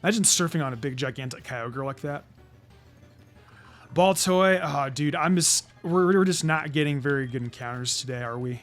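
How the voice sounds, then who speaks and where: A man's voice: fairly high pitch, moderate pace, a bit bright, soft background music. A man doing let's play commentary as a channel host, stammering and repeating words, and swearing when annoyed.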